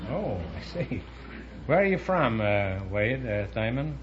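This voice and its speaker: A man hosting a quiz show, teasing contestants with quick mock-serious one-liners. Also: medium pitch, very animated. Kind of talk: wisecracking quiz show banter. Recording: dull lo-fi archival broadcast with hiss.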